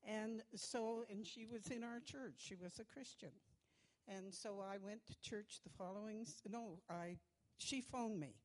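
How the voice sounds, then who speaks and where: A woman's voice: mid-range voice, measured pace, low-quality recording. A woman from the congregation sharing a personal testimony in an earnest storytelling manner. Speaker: church member giving testimony.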